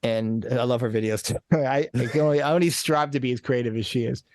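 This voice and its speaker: Male coach guest: earnest, rambling, restarts often, mid-pitched, dry close-miked sound. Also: fast talker, darkish tone, no echo. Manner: earnest, rambling, frequent restarts and repeated words. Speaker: podcast guest, transformation coach. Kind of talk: casual conversational interview.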